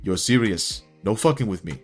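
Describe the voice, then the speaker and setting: A man's voice: on the low side, animated, normal speed, slightly rough, faint music behind. A man voicing an easygoing male cab driver with a put-on Jamaican accent, raising his voice above his own for the role. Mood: curious. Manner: friendly, laid-back street talk.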